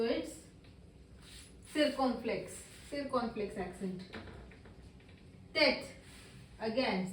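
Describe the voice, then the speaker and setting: A high-voiced woman teaches beginner French, checking worksheet answers one by one and repeating each for her pupils. Her English phrasing is a little non-native. The room is roomy and echoey, with faint background hum. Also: recorded from a distance. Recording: roomy echo, voice a little off-mic.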